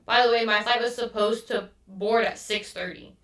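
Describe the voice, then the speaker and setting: A woman's voice: on the high side, fairly even intonation, normal speed, a bit bright. A woman hosting a podcast, telling a story in a casual, exasperated rant and swearing often. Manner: exasperated, swears a lot, quotes others mid-story. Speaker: podcast host. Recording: echoey room, mic at a distance.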